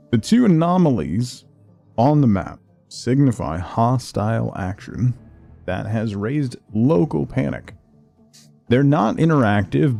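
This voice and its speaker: A man streaming a game, reading the tutorial text aloud in a flat, exhausted, yawning way. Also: vocal fry. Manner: flat, low-energy delivery.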